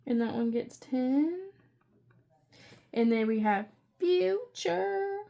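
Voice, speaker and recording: A young woman chatting casually through her budget, rambling with excitable asides. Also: fairly high pitch, takes it slowly. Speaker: budgeting channel creator.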